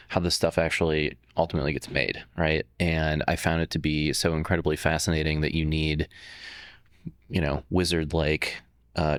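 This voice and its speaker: Man, extremely low voice, dry close sound, casual guest, loose rambling talk. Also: smooth, no echo. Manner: rambling, many fillers and restarts. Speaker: startup founder and CEO, guest. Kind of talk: casual interview conversation.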